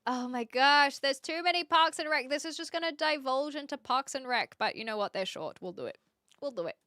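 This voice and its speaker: Bright, playful woman with a Kiwi accent. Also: sits high, moderate pace, dry recording, clean studio sound. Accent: New Zealand, mixed and posh-leaning. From New Zealand. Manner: playful, giggly, self-mocking. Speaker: streamer. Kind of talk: casual live-stream chat.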